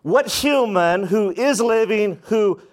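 A man's voice: high-pitched, expressive, slow pace. A man pastor preaching a sermon, acting out prayers with dramatic rises and drops in his voice.

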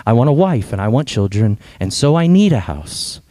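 A man's voice: mid-range voice, very animated, moderate pace, mellow, dry recording, close to an everyday voice. A man voicing a restless, wanting boy who grows into a weary old man during a storybook reading, wistful and complaining.

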